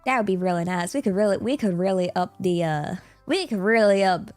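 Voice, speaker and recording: A woman's voice: mid-range voice, brisk, darkish tone, natural voice. A brash young Texan woman drawls through her lines, full of double negatives and playful sass, as a streamer puts her on. Her voice sits in a medium register over faint background music. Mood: sassy. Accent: put-on Texas. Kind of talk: livestream character voice.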